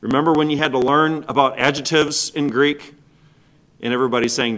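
A man's voice: mid-range voice, steady tone, brisk. Emphatic male pastor preaching. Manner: emphatic, swings between loud stresses and soft drops; asks the congregation rhetorical questions. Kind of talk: sermon.

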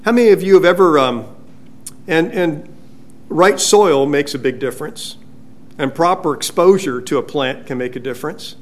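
A male pastor preaching a sermon in a church, conversational and halting, with frequent restarts. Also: a little high. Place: church sanctuary.

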